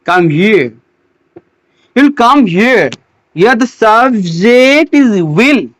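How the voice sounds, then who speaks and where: Grammar teacher going slow, lots of repeats and restarts, pitch jumps around a lot. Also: lively intonation, a bit bright, dry recording. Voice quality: non-native English phrasing. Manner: halting, repeats words and restarts often. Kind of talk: slow explanatory grammar lesson.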